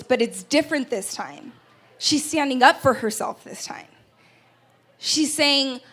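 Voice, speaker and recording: A woman's voice: high-pitched, lively intonation, a little slow, fairly bright tone. A woman telling a personal story in an earnest, emotional speech on an event stage, often stumbling and restarting. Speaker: keynote speaker. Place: event stage before an audience.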